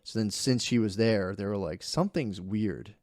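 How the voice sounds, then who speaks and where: A man's voice: fairly low pitch, fairly even intonation, fairly quick, a little mellow, no echo, studio quality. A young man co-hosting a podcast, telling a story in a loose, rambling way, swearing and laughing often. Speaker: podcast co-host. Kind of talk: casual chat.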